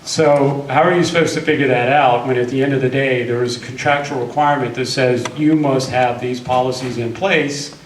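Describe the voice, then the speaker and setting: A man's voice: mid-range voice, fairly even intonation, brisk, hardly any pauses, distant mic, slight background noise. Man speaking in an echoey meeting hall. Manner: conversational, tells cautionary stories. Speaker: construction attorney on a panel. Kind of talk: panel presentation.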